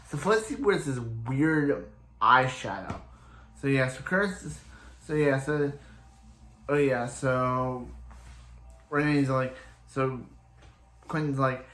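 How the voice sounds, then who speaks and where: A man with a medium-pitched, slightly bright voice casually recaps a TV episode as a show reviewer. He rambles, halts and restarts as he paraphrases each character, peppering it with "he's like," and the sound is roomy.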